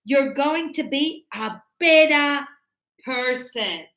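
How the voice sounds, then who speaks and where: A woman's voice: high voice, takes it slowly, fairly bright tone, heavily acted. A woman voicing a pushy, reassuring doctor in a classroom story, with a breezy, coaxing manner. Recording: echoey room.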